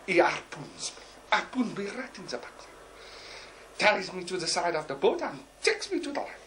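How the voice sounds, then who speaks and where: A man's voice: fairly high pitch, fairly bright tone, a little hiss or hum. A man doing a bumbling, rambling diver. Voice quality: broken, halting English with dropped words. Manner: rambling, full of "uh" and "you know". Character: bumbling boastful male deep sea diver. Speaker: comic storyteller. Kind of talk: character stand-up monologue.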